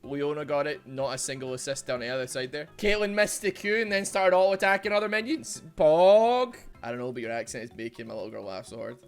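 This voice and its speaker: A man with a Glaswegian Scottish accent giving chatty, excitable commentary over his game, laughing often and trailing off into fillers. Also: on the high side, brisk, few pauses, faint music behind. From Glasgow, Scotland. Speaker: streamer. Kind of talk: casual gameplay commentary.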